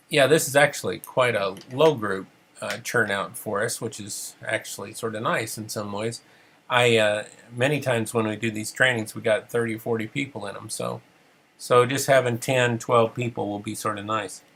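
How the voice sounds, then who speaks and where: In a casual online training webinar, a middle-aged counseling supervision trainer who is losing his voice talks at a moderate pace in a fairly low, fairly bright voice with fairly even intonation. His delivery is chatty and rambling, with many fillers.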